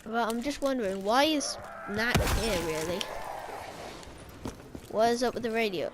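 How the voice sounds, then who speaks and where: A woman's voice: fairly high pitch, expressive, moderate pace, very noisy. A woman talking casually about game lore, rambling and correcting herself as she speculates. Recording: game gunfire playing behind.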